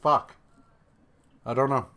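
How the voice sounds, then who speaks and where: Recapping comic issues in a casual podcast chat, a male co-host rambles at an unhurried pace, peppering his talk with ums and uhs and free swearing. He sums up what the characters say with flat, dry sarcasm.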